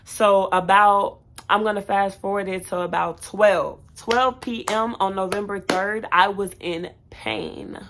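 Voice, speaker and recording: A woman's voice: medium pitch, steady tone, measured pace, background noise. A young woman telling her own birth story in a casual storytime vlog, candid and chatty, with fillers and self-corrections.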